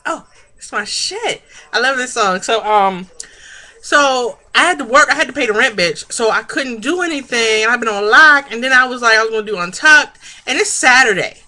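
A woman's voice: on the high side, lively intonation, a little fast, sharp tone. A woman giving a casual, sassy and profane vlog review of a reality show, chatty and laughing often.

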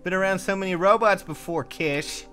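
A young man playing a video game with friends, reading its text aloud in halting starts and joking around. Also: high voice. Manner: reads on-screen text in halting starts, playful. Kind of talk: casual lets-play commentary with joking character voices. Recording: faint game music behind.

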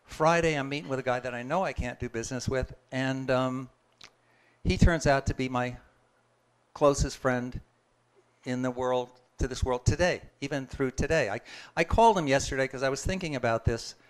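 Man telling a story with a smooth voice. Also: mid-range voice, normal speed. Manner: conversational, chuckles and restarts often. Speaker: guest speaker sharing a testimony. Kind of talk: casual storytelling testimony.

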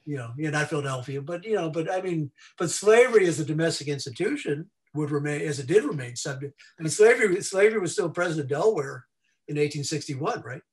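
A man's voice: a little high, expressive, fast talker. A man speaking as an invited scholar in a seminar discussion over a video call, rambling through asides and restarting his sentences.

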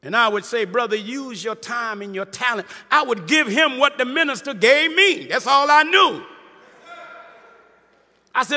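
High-pitched preaching man, echoing hall. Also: expressive, unhurried. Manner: preaching, rising to shouts, call-and-response asides. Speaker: minister. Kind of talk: sermon testimony. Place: large hall before an audience. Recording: live hall with reverb, crowd behind.

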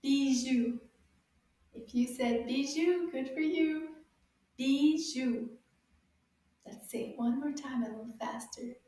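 Lady teacher for kids, very echoey room, bit far from the mic, repeats words slow and clear. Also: high-pitched, dark tone. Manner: encouraging, repeats words clearly, gives sound clues. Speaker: French teacher for children.

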